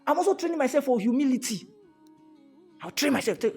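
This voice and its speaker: A Nigerian man giving a motivational talk to a live audience, animated and fond of repeated rhetorical questions, slipping into pidgin. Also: very high-pitched, quick pace, creaky, soft background music. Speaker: motivational speaker.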